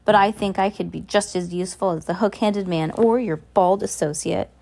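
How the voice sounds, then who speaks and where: A man's voice: sits high, fairly even intonation, normal speed, vocal fry, darkish tone. A woman reading aloud as an eager young man who insists he can be useful. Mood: pleading. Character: timid young man with equal hands, pleading.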